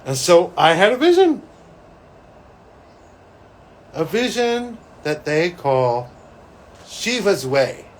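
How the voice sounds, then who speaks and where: A man, a psychic, talking to camera as he recounts a vision, animated and breaking into excited exclamations. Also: high voice, takes it slowly, a little hiss or hum, rough recording. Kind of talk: solo talk recounting a vision.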